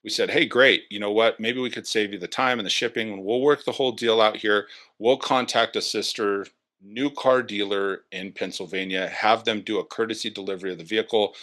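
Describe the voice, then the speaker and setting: Storytelling man with a lowish voice. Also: fairly quick. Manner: animated, acts out quoted dialogue. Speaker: interview guest. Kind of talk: casual storytelling.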